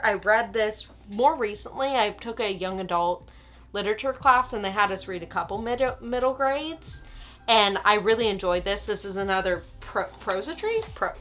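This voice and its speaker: A woman's voice: mid-range voice, bright, forceful tone. Chatty young woman, faint music behind. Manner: chatty and self-deprecating, trails off and restarts often. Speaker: booktuber. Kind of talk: casual chat. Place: at home by her bookshelves.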